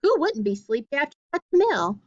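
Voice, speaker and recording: A woman's voice: high-pitched, very animated, fairly quick, lo-fi sound, voice pushed up. A woman voicing a kindly, chatty old village grandmother while reading a storybook aloud. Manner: fussing, chatty, good-natured.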